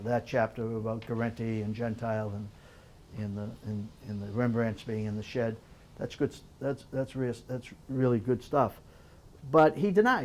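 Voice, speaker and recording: An older man, an author speaking at a public library, tells a story in an animated way and often repeats words as he builds it. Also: mid-range voice. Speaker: author giving a library talk. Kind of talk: storytelling lecture.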